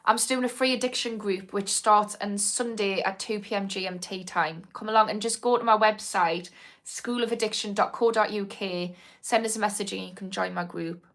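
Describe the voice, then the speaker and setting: A woman's voice: mid-range voice, steady tone, normal speed. A woman, an addiction therapist hosting a casual live-stream Q&A, speaking frankly with swearing and frequent ums. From Newcastle, north of England. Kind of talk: live-stream Q&A, reading viewer comments.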